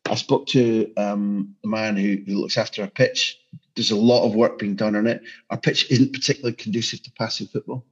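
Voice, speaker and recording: Impassioned low-voiced man, lo-fi sound. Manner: passionate, emphatic, frequent restarts. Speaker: football journalist guest. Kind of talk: podcast interview. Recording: dull lo-fi sound.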